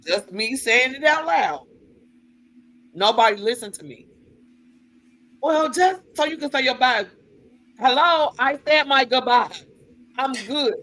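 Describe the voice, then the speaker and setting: A woman talking on a casual talk show, retelling family stories with blunt, cussing candor. She slips into other people's voices as she tells it. Her tone is bright and forceful. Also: high voice, a little slow, long pauses. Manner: blunt and profane, lively retelling with quoted voices. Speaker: co-host. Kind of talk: casual chat, personal storytelling.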